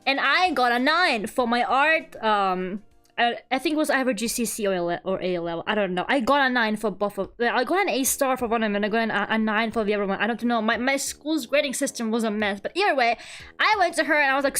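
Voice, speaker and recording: A woman's voice: sits high, a bit bright. A young woman from England streaming as an artist, chatting casually and animatedly, laughing often and swearing now and then. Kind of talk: casual chat while drawing on stream.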